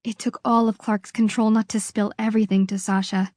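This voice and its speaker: A woman narrating an audiobook in a measured, expressive reading. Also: medium pitch, no echo.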